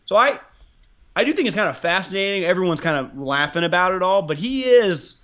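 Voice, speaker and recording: A man's voice: sits high, expressive, a little fast, a bit bright. Rambling sports podcast guy, lo-fi. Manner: rambling, restarts a lot. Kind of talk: casual sports talk with profanity.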